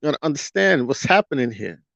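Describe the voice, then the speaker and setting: A man's voice: mid-range voice, big pitch swings, fast talker, vocal fry, a bit bright, no echo. A man ranting through a fiery commentary monologue, firing rhetorical questions at his viewers and stretching out words for emphasis. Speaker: vlogger. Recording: dull lo-fi dry audio.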